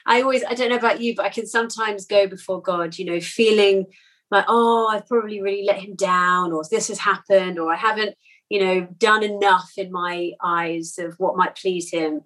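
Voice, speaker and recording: A woman's voice: mid-range voice, steady tone, normal speed, fairly bright tone. A woman co-hosting a casual faith podcast, reflecting openly with many fillers. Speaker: podcast co-host.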